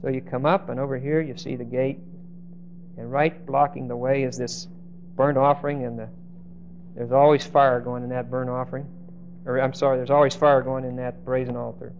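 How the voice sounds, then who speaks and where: A man teaching a Bible study class, stressing key words by slowing down and often hesitating or restarting phrases. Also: medium pitch, flat delivery, slight background noise. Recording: dull lo-fi recording.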